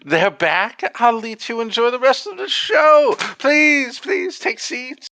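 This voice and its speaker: A sweet-talking widow who runs a theater fusses over her guests in a raised, lilting voice, as a man puts her on. The voice is bright and dry, with a fawning warmth to every word. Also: very high-pitched, slow, no echo, voice pushed up, full character voice. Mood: sugary. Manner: sugary, fawning. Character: gracious widowed woman theater owner.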